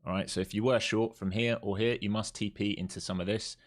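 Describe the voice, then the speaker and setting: A man's voice: fairly low pitch, fairly even intonation, fairly quick. A man giving casual, blunt live trading commentary, thinking aloud, repeating key points and swearing freely. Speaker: live stream day trader.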